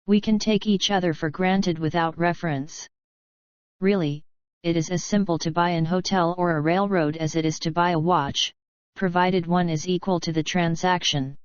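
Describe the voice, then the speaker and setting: A woman voicing a brisk, decisive wealthy American man in an audiobook. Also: lowish voice, steady tone, clean tone, no room sound, dull audio, natural voice. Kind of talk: audiobook narration.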